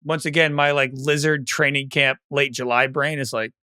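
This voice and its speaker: A man co-hosting a fantasy football podcast, chatting loosely and thinking out loud. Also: mid-range voice, steady tone, normal speed, clean tone, no echo, studio quality. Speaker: podcast co-host. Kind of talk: casual sports chat.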